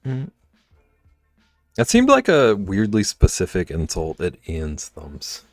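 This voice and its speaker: A man's voice: on the low side, a little mellow, no echo. A man livestreaming, chatting casually and teasing his viewers as he reacts to chat from home.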